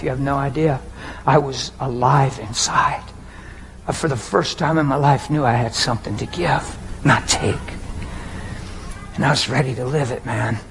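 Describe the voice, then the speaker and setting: A man's voice: medium pitch, fairly even intonation, unhurried, a little hiss or hum, rough recording. Emotional man preaching a sermon. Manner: emotional, conversational, addresses the crowd directly. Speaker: pastor.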